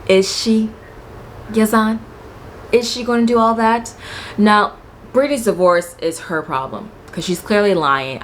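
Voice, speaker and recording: A young woman with a low voice talks through a reality show in a casual vlog. She is blunt and swears freely, acting out what the people said. Faint background noise sits under the voice. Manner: animated, blunt and profane, acts out quotes. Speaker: reality TV reviewer.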